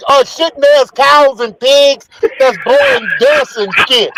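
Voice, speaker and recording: Ranting high-voiced man on a morning show. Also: a little slow, noisy background. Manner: brash and ranting, heavy swearing. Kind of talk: profane comedic banter.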